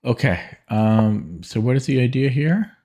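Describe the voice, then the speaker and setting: A man's voice: medium pitch, expressive, a little slow, dark tone. A man streaming chess, thinking aloud in a hesitant, muttering way as he works through puzzles and counts them off.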